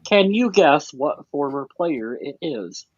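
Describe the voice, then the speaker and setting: Joking co-host on a dull line. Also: male voice, a little high, big pitch swings, slow pace, slightly rough. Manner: brief reactions, joking. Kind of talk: casual chat. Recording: dull lo-fi call audio.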